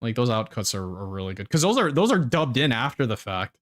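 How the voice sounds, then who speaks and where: A man's voice: mid-range voice, sing-song, a little fast, faint music behind. A man streaming and giving casual, wry reaction commentary with some swearing.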